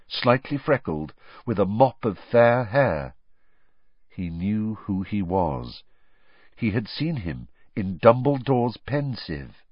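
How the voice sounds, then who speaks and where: A man reading a story aloud as narrator, with lively storytelling and character voices, on a dull, dry recording. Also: medium pitch, no room sound. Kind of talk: audiobook narration.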